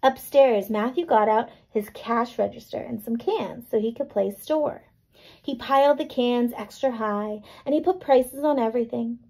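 A woman teacher reading a picture book to children, gently explaining and checking in with little questions. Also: fairly high pitch, normal speed, low-quality recording. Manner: gentle, checks in with "right?" and "okay?".

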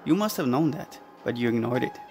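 A man voicing a cold, emotionless teenage boy killer who speaks low and almost growling, with music underneath. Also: animated, fairly quick, creaky.

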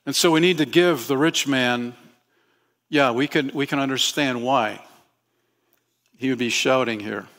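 Gravelly man preaching a sermon. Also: mid-range voice, measured pace, long pauses, a bit bright. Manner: conversational, asks the congregation questions. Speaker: pastor. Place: church sanctuary.

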